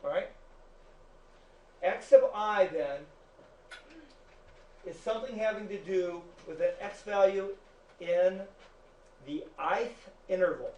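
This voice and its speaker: Male teacher, high voice, lecturing a class in a chatty, joking way, echoey room, far-off mic. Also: slow pace, pauses often, mellow, highs cut off. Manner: chatty, jokes with students.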